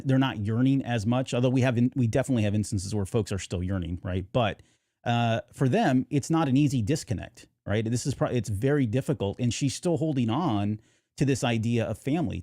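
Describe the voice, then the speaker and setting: A man's voice: medium pitch, warm tone, no echo, clean studio sound. A man co-hosting a podcast in casual chat, rambling with many fillers and restarts. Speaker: podcast co-host.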